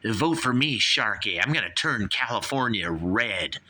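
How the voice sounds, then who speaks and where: Man doing a boastful male celebrity, smug, self-assured, tense bright tone. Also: fairly low pitch, animated, unhurried, exaggerated voice. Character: Ashton Kutcher impression, boastful male celebrity.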